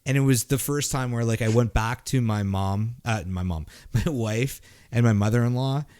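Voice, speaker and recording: In a relaxed podcast chat, a host from Montreal, Canada, spins a rambling, profane story full of restarts and "like" fillers. His voice is mid-range and darkish, at a moderate pace.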